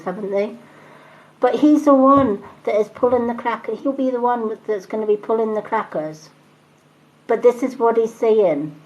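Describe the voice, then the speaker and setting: A woman's voice: fairly high pitch, darkish tone, muffled recording. A woman giving a live spiritual reading, chatty and reassuring, often repeating phrases and asking "right?". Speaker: psychic reader.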